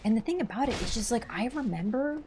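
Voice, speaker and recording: A woman's voice: on the high side, animated, fast talker, background noise. Chatty, sarcastic young woman streaming. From Canada. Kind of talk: casual livestream chat over gameplay.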